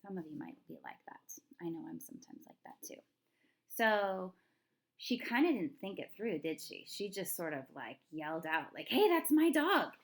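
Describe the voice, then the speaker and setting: A woman's voice: low voice, animated, moderate pace. A woman teaching a third-grade reading lesson, talking chattily and thinking aloud, asking her young students questions as she goes. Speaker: elementary school teacher. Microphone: recorded lesson video.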